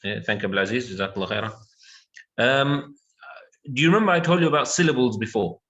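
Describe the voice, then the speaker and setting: A man's voice: medium pitch, fast talker, a bit bright, muffled recording. A man teaching an English lesson, patiently repeating words and checking that his student follows.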